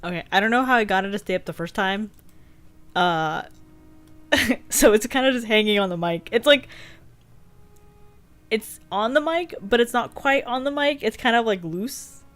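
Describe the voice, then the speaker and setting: A woman's voice: mid-range voice, animated, moderate pace, pauses often, a bit bright. A woman streamer chatting casually over gameplay in a giggly, rambling way, on a desk mic with a pop filter in a home setup.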